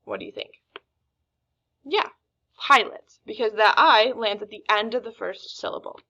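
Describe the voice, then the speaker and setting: A woman teaching a recorded phonics lesson, reading words slowly and deliberately. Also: medium pitch, wildly swooping pitch, sharp tone, muffled recording. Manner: slow, deliberate word-by-word reading.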